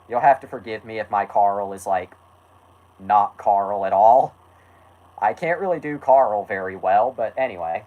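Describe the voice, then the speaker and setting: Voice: deep voice, unhurried, lo-fi sound. Host reading an old story with jokey asides. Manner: laughing, self-mocking asides. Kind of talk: comic read-aloud with asides.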